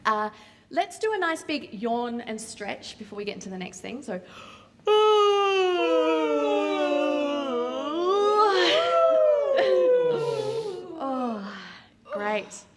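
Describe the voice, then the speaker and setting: An Australian woman with a fairly high voice runs a drama class voice warm-up. She talks at an unhurried pace, encouraging the group and showing each exercise as she goes. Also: animated, heavy background noise. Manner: encouraging, upbeat, demonstrating exercises. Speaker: drama workshop facilitator. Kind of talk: guiding a voice warm-up.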